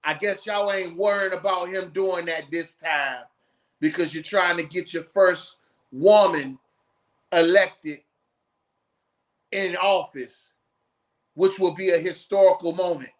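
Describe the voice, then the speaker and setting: A man's voice: high voice, steady tone, slow, pauses often. A man hosting a live podcast stream, ranting bluntly and profanely in heated commentary. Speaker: podcast host.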